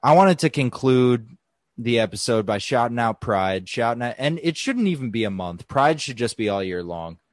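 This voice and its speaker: A young man co-hosting a podcast, talking in a loose, profane, excitable way. His voice sits in an ordinary middle pitch and sounds close and dry. He is sweaty in a small hot room. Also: moderate pace, no echo. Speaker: podcast co-host. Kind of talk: casual chat.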